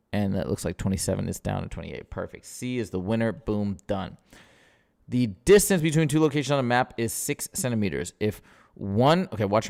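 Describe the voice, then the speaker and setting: A man tutors math in a live session. He is upbeat and casual, and he talks his way through each problem out loud. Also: fairly low pitch. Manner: upbeat, casual, thinks aloud while solving. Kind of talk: live-streamed test walkthrough.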